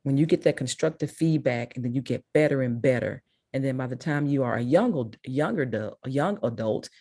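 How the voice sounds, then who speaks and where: This Memphis woman's Mississippi accent carries a rumbling low, husky, warm voice that is expressive and a little fast. As a guest speaker, she urges students on with emphatic encouragement, repeating herself for stress. The sound is clean studio audio with no room sound.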